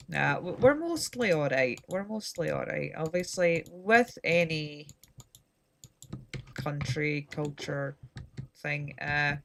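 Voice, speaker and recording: A Scottish woman rambles casually with dry wit while she streams a game. Her voice sits low, and the recording carries a little hiss or hum.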